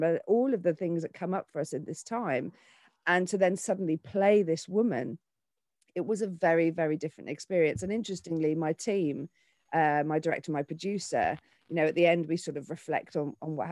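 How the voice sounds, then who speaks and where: A woman in her forties talks in an animated, searching way, often doubling back mid-sentence. Her voice sits fairly low. The recording is dry and close, with no room sound. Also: dry recording. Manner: animated, with frequent restarts and fillers. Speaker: actor and children's author. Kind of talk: casual interview talk.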